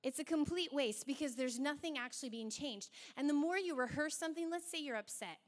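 A young adult woman preaching a sermon in an animated way, acting out quoted voices as she goes. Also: high voice, a little fast.

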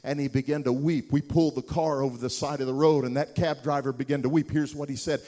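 A man preaching a sermon, telling a story and building to loud, impassioned peaks with repeated words for emphasis. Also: mid-range voice, steady tone, fast.

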